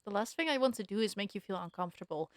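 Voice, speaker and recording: Woman reading as a gentle, awkward male therapist. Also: medium pitch, animated, racing, dry recording, natural voice. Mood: careful. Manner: soft, careful, apologetic. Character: gentle awkward male mental health worker.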